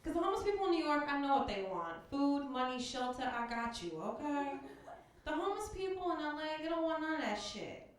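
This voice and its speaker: A woman doing a stand-up comedy set, brash and profane, acting out street characters in quick bits. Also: sits high, very animated. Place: comedy club stage. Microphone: handheld stage mic. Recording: far, roomy live club recording. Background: audience laughter.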